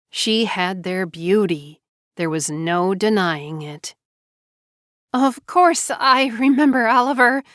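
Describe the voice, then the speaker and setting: A woman narrating a family saga audiobook in a measured storytelling delivery. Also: on the low side, fairly bright tone, clear, resonant tone, no room sound, clean studio sound.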